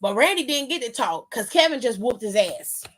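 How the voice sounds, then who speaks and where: A young woman host giving an animated, slangy recap, acting out what people said. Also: fairly high pitch, normal speed, slight background noise. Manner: lively storyteller, acts out quotes, slangy. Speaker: wrestling show recap host.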